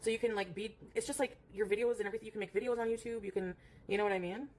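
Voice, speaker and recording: A woman's voice: mid-range voice, steady tone, rapid-fire, darkish tone. A woman streamer chatting casually in a rambling way, full of fillers, and cooing at her cat between remarks. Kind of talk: casual livestream chat.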